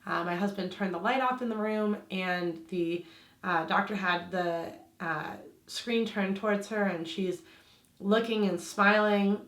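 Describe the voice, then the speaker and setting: A woman's voice: mid-range voice, a little slow, fairly bright tone, reverberant. A woman with a slight lisp telling a personal story to camera in a chatty vlog style. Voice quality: slight lisp from aligner trays. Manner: chatty, lots of "like" fillers. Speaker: vlogger.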